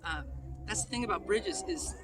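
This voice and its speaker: A man's voice: high-pitched, very animated, moderate pace. A man leading a playful children's message as pastor, asking the kids questions in church. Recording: noisy live room recording.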